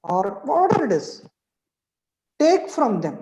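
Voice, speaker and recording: A man's voice: high voice, sing-song, normal speed, a little mellow, reverberant, poor audio. A middle-aged man giving a motivational webinar lecture as a trainer. He asks rhetorical questions and keeps checking in with "right?".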